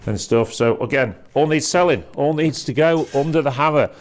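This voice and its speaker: A man's voice: mid-range voice, normal speed. A man giving a chatty walking tour of a large industrial workshop, pointing out items to be auctioned. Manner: chatty, pointing things out on the move.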